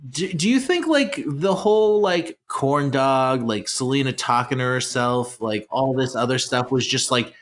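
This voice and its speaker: Lively joking man on a podcast. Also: medium pitch. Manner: animated, joking, quick to laugh. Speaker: podcast co-host. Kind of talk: casual movie-discussion chat.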